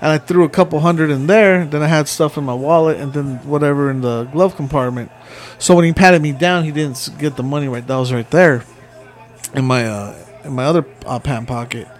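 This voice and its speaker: A man's voice: a little high, brisk. Chatty man with filler-heavy talk. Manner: chatty, swearing, frequent filler "like" and "uh". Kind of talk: casual chat.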